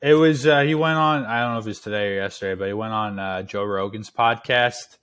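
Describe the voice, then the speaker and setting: A man co-hosting a casual sports podcast, making dry, teasing low-key asides. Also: a little fast, fairly bright tone, clean tone. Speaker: podcast co-host.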